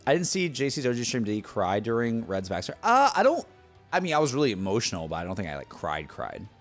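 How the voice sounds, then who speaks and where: Young adult male streamer, animated, lively pitch swings, faint music under. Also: quick pace. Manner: animated, excitable, restarts and "like" a lot. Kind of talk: casual stream chat to viewers.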